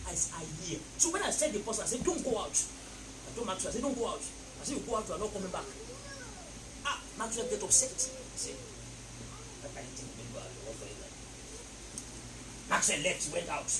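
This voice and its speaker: A man preaching a sermon emphatically, repeating phrases and leading the congregation in call-and-response. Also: high-pitched. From Nigeria. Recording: echoey, distant mic, noisy.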